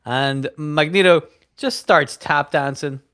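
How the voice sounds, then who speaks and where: A man's voice: a little high, slow, bright, forceful tone, clear, resonant tone, dry recording, studio quality. A man co-hosting a casual comics podcast, joking and riffing on ideas. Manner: jokey, puts on mock accents in bits. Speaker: podcast co-host. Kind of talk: casual chat.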